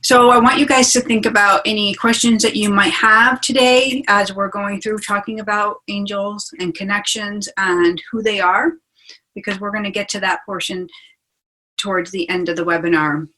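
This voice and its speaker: A woman of middle pitch gives a casual teaching talk over a video call. She is chatty and enthusiastic and keeps asking her listeners along with her. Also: fairly even intonation, moderate pace, pushed and bright, rough recording. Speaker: spiritual teacher hosting a webinar.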